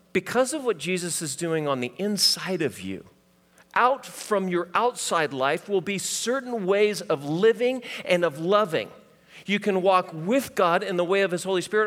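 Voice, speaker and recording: Middle-aged male pastor, storytelling sermon, fairly high voice, echoing hall. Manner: storytelling, swings from loud to hushed. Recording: hall reverb.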